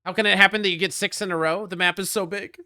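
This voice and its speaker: A man with a bright, crisp voice talks through a strategy game as he streams it. His commentary is loose and joking, and he answers his chat as he plays. The sound is dry and close on the mic. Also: high voice, steady tone, fast talker, dry recording. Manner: chatty, joking, answers chat, gets loud when frustrated.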